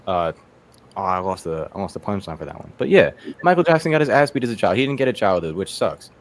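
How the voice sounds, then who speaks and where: A man's voice: deep voice, sing-song, quick pace. A young man doing a rambling, profane stand-up set on a video call, slipping into voices for the people in his stories. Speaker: stand-up comedian.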